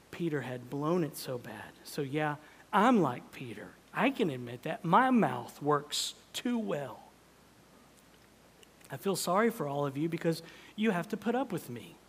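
A middle-aged male pastor preaching a sermon, swinging from loud exclamations to hushed near-whispers. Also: on the high side. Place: church sanctuary. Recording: long reverb of a large hall.

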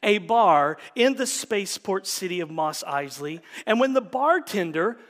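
A man preaching a sermon as pastor, dropping often into a hushed, whispered emphasis. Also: high voice, animated, unhurried, big-room sound.

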